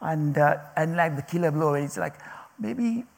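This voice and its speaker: Husky, gravelly-voiced man preaching casually. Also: fairly high pitch, little pitch movement, big-room sound. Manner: halting, many restarts and fillers, laughs often. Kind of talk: casual sermon.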